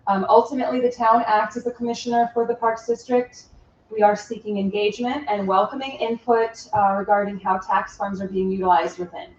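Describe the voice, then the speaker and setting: Give me a woman opening a public hearing in a town hall meeting room, calm and formal, heard from a distance. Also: mid-range voice, a little hiss or hum. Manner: formal, measured, with some "uh" fillers. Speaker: meeting chair. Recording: distant, roomy, dull meeting-room audio.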